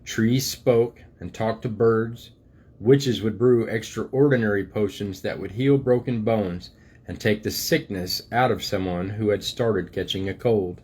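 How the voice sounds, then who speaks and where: An older man, a grandfather, reading a storybook aloud to his grandchildren in a gentle, unhurried way. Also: lowish voice, slightly rough.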